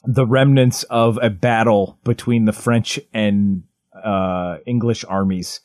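A man in his thirties, co-hosting a podcast in casual chat, rambling excitedly with lots of "like" and restarts. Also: lowish voice, slow, no room sound, clean studio sound. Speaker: podcast co-host.

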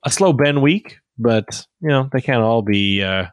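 Animated storytelling dad, dry close sound. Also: male voice, mid-range voice, a little slow, dry recording. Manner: animated storytelling with childlike voiced quotes. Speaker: podcast co-host. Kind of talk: casual chat.

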